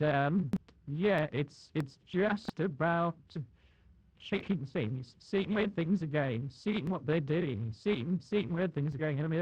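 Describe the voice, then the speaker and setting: A man's voice: on the high side, darkish tone, husky, lo-fi sound. A man on a live stream talking through a voice changer preset, upbeat and rambling.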